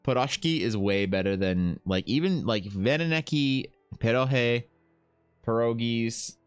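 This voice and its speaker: A man from Ukraine livestreams in a clear, resonant, mid-range voice, speaking a little slowly over soft music. His casual reading is peppered with animated, profane, mock-outraged riffing.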